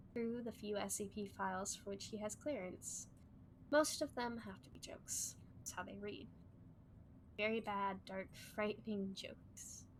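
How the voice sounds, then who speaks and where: Woman, story reader on stream, expressive delivery, fairly high voice, faint background hiss. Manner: expressive, laughs at herself in asides. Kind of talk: reading a story aloud on stream.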